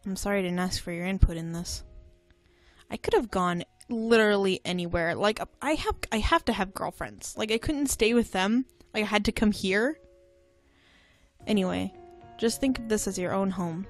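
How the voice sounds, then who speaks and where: A woman reading as a gently possessive young man. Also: medium pitch, moderate pace, no room sound, faint music behind, lightly acted. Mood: gentle. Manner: soft, reassuring, slightly controlling.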